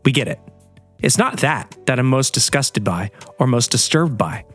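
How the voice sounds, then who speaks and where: Fired-up male host, profane rant, pitch swinging all over, faint music under him. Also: animated, normal speed, fairly bright tone, slightly rough. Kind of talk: heated solo monologue.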